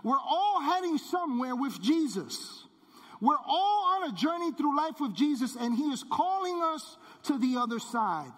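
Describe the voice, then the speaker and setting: A man preaching a sermon as pastor, emphatic and repetitive, dropping low on key words. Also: very animated, measured pace. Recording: long hall reverb.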